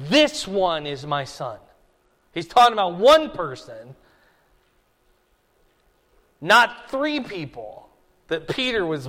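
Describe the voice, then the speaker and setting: A pastor preaches an expository Bible sermon in a high, fairly bright male voice. He keeps it conversational but emphatic, pushing his voice upward to stress points, and a long hall reverb trails behind him.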